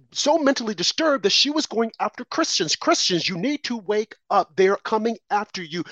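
A man's voice: high-pitched, dry recording, muffled recording. A man co-hosting a political talk show, delivering impassioned, preachy commentary full of rhetorical questions and warnings.

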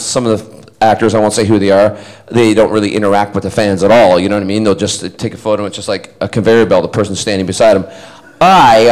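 A man with a lowish voice tells a casual story to a convention audience. His delivery is rambling and animated, and he breaks into quoted voices and laughs. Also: low-quality recording. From Scotland. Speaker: actor telling a story to fans.

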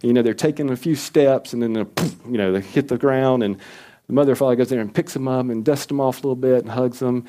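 Earnest pastor with a dark voice. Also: male voice, fast. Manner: earnest, acts out quoted prayers with rising pitch. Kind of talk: sermon.

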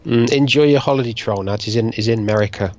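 A man's voice: mid-range voice, quick pace, a little mellow, no echo, muffled recording. A man co-hosting a podcast, chatting in a blunt, jokey, slangy way. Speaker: podcast co-host. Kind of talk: casual chat.

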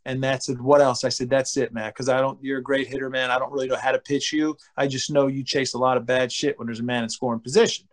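Speaking fast with barely a pause, this man, once a baseball pitcher, spins relaxed anecdotes, animatedly voicing his teammates and cursing casually.

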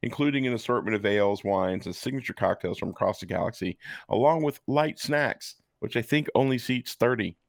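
A man's voice: fairly low pitch, fairly quick, vocal fry, no echo, studio quality. A man co-hosting a podcast, reading a text aloud with sarcastic asides. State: hiccups. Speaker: podcast co-host. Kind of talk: casual chat, reading and joking.

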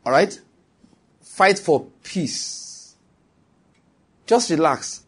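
A man's voice: on the high side, animated, very slow, long pauses, husky. A man preaching a sermon to his congregation, emphatic and repetitive, often turning to check that his listeners follow him.

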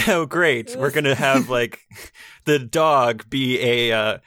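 A man's voice: medium pitch, takes it slowly, sharp tone, no room sound. A man co-hosting a podcast, chatting casually through an improv game and laughing often. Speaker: podcast co-host.

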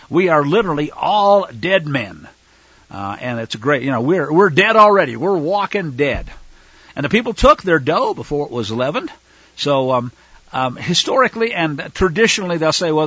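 A man's voice: a little high, slightly rough, dry recording, lo-fi sound. A man teaching scripture to a fellowship, conversational with asides to his listeners and rising to fervent denunciation. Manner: fervent, rises to loud denunciation.

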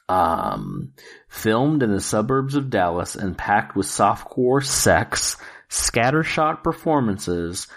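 A man co-hosting a casual podcast, excitable, swearing freely and laughing often. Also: lowish voice. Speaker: podcast co-host reviewing films. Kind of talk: casual chat.

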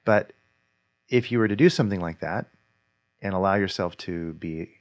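Male podcast co-host, deep voice, reflective and searching, dry sound. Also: normal speed, no echo. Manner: reflective, thinks aloud with restarts. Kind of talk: casual conversation.

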